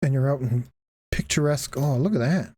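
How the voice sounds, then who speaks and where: A woman's voice: very deep voice, brisk, warm tone, husky. A woman streaming a game, giving casual, profane, joking commentary and laughing often.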